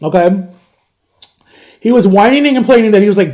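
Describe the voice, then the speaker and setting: A man in his thirties talks straight to his followers in a loose, rambling storytime vlog. His voice sits high but has a soft, mellow tone. He sounds worn out and exasperated, and he swears casually as he goes. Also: lively intonation, a little fast, pauses often. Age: 30s. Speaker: father vlogging about parenting.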